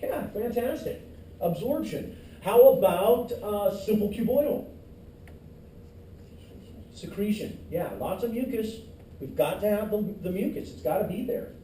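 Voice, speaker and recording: Quizzing students and cracking jokes, a middle-aged man teaches a classroom lecture in a high, expressive voice with a dark tone and a measured pace. The distant recording picks up the room's echo and slight background noise.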